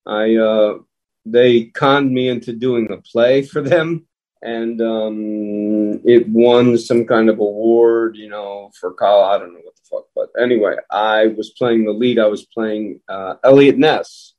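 A man's voice: lowish voice, slow, dull audio. An older man, a guest actor, chatting loosely and rambling in a casual interview over a remote call, swearing now and then.

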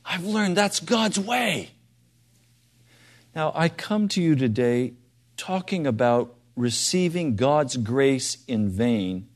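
Delivering a sermon slowly, a man with a medium-pitched, animated voice poses direct questions to his congregation. He alternates hushed asides with loud, forceful appeals.

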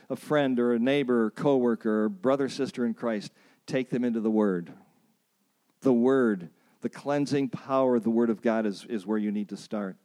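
A man's voice: medium pitch, darkish tone. A man preaching at a workshop, emphatic, repeating key phrases and calling on the audience to say lines back, with self-deprecating stories. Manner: storytelling with self-deprecating asides. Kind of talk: sermon.

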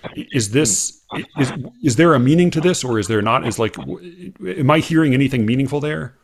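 An American man hosting a casual chat, talking haltingly with many fillers and restarts. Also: medium pitch, animated, slightly rough. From United States.

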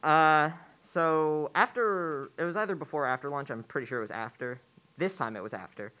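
A teenage boy telling a personal story live, unhurried and digressive, with many "uh"s and "um"s. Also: fairly high pitch, sharp tone. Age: teens. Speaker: student storyteller.

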